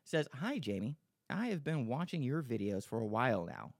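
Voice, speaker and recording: A man's voice: medium pitch, big pitch swings, moderate pace, creaky, dry recording, studio quality. A man hosting a podcast, rambling and joking, swearing freely as he chats and reads listener emails. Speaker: podcast host. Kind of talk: casual podcast chat.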